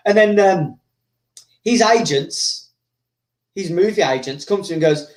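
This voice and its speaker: A man's voice: high voice, lively intonation, a little slow, pauses often. A man casually telling a story, rambling with many fillers and acting out characters. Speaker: host.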